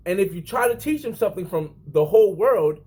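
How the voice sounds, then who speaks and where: A man's voice: high voice, a little fast, breathy edge. A man in his thirties talking casually to the camera, rambling and often correcting himself. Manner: rambling, self-correcting, lively. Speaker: vlogger.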